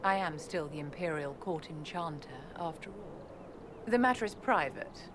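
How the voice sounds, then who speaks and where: A woman's voice: lowish voice, expressive, moderate pace, lightly acted. An actress voicing a poised, imperious female court enchanter in a video game, with formal and condescending diction. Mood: regal, aloof. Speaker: game character. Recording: game audio with background noise.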